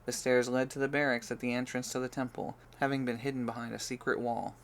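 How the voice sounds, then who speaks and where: A man narrating a fantasy audiobook with even, steady storytelling. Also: mid-range voice, fast. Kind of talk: scripted narration.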